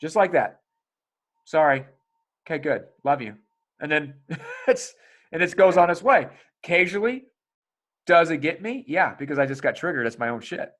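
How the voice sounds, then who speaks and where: Animated, swearing man hosting a podcast. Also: on the high side, moderate pace, long pauses. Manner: animated storyteller, acts out dialogue in raised voices, swears freely. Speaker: podcast host. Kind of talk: casual podcast conversation.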